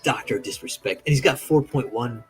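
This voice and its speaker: Guy rambling about games on his art stream, gets loud and lively doing other people's lines, faint music under it. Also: mid-range voice, normal speed, rough recording. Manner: animated storyteller, acts out quotes in raised voice. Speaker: streaming artist. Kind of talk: casual chat.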